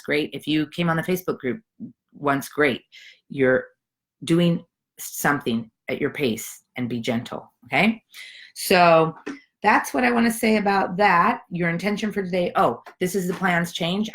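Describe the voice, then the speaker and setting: A middle-aged woman hosting a live decluttering challenge from home, chatting in an encouraging, rambling way full of fillers. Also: lowish voice. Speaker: challenge host. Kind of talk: casual live video talk.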